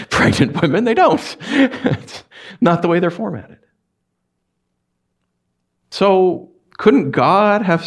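A pastor preaching a conversational sermon in a church, animated and questioning the congregation. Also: male voice, on the high side. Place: church sanctuary.

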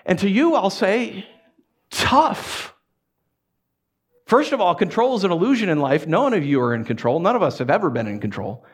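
A male pastor in his thirties delivering a sermon. He talks in a lively, joking way and laughs through his stories. His voice sits a little high for a man. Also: fast, few pauses. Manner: animated, jokey storytelling with laughs.

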